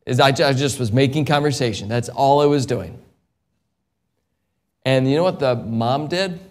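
A middle-aged man preaching a sermon as an evangelist, swinging from quiet storytelling to loud, impassioned peaks. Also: mid-range voice, lively intonation, moderate pace.

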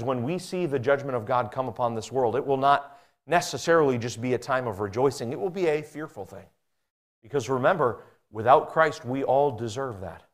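A man delivers an earnest sermon and reads scripture aloud, his voice swinging between emphatic high peaks and quiet, low passages.

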